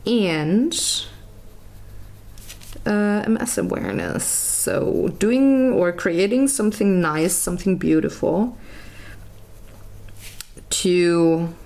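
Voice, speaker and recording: A woman's voice: fairly low pitch, darkish tone. A woman chatting casually while she colours, rambling and searching aloud for words, with self-mocking asides. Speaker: colouring vlogger.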